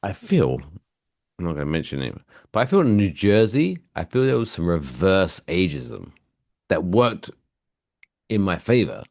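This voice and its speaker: Low-voiced English man in his forties. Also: unhurried, gravelly, long pauses, no room sound, studio quality. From England. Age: 40s. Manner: profane, animated storytelling. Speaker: podcast co-host. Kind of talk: casual chat.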